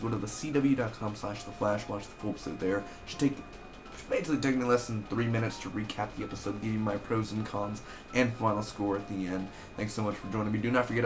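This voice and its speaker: A young man casually recapping and reviewing a TV episode in an excitable, chatty way, peppering his talk with "basically" and "man.". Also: lowish voice. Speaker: TV show reviewer. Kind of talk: casual spoiler review vlog.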